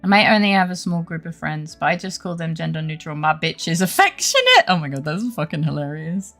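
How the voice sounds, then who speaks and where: A young woman streamer talks casually to her chat, joking and laughing often, with swearing dropped in easily. Her voice sits low and carries a lot of gravelly fry. Quiet music plays faintly underneath. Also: big pitch swings, a little fast. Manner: giggly, playful, swears casually. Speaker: game streamer. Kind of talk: casual chat reading live chat.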